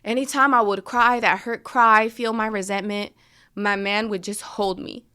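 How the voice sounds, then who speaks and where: A woman's voice: mid-range voice, fairly even intonation, normal speed, sharp tone, clean tone. A woman hosting a podcast, telling a personal story in a frank, emphatic way and swearing freely. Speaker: podcast host.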